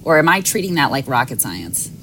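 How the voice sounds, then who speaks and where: A woman's voice: rumbling low, sing-song, brisk, fairly bright tone, a little hiss or hum, poor audio. A woman interviewer asking long, chatty questions, hedging with "sort of" and "um".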